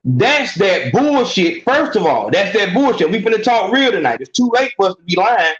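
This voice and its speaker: A man with a high voice hosts a call-in podcast of casual advice talk, speaking at normal speed, animated and cursing freely, often repeating himself and restarting. The room sounds echoey, and the recording is dull and muffled.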